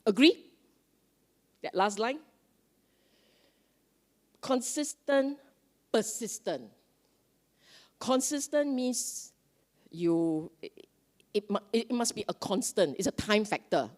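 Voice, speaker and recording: A woman's voice: mid-range voice, slow, pauses often. A woman giving a conversational dharma talk at a Buddhist retreat, often asking her listeners questions. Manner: lively, conversational, asks the audience questions.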